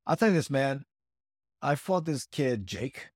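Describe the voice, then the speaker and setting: A man's voice: measured pace, no echo, studio quality. A man telling a story in casual podcast chat, who acts out what others said. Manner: animated, acts out quotes in higher voices. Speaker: podcast co-host, judo coach.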